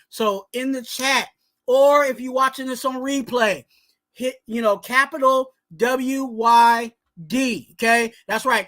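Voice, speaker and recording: A man co-hosting a sports podcast, ranting loudly and animatedly, often tossing in "you know what I'm saying.". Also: very high voice. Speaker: podcast co-host.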